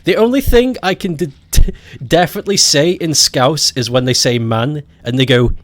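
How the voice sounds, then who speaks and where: A man's voice: fairly high pitch, normal speed, no room sound. A man with a Scottish accent chatting casually as a game streamer, joking and laughing often. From Scotland. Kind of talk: casual chat while gaming.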